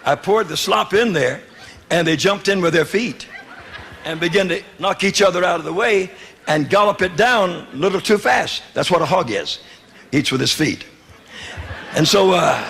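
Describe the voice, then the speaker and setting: A man's voice: fairly high pitch, vocal fry, fairly bright tone, a little hiss or hum. A man from the South, preaching his testimony in a folksy, humorous way and acting out dialogue. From Southern United States. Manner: folksy, humorous, wry storytelling with quoted dialogue. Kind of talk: sermon testimony storytelling.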